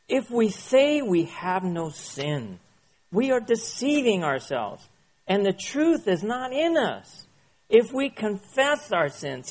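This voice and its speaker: Male pastor, sermon delivery, husky edge, dramatic shifts between loud points and soft asides. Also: on the high side. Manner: animated, swings from loud emphasis to quiet asides.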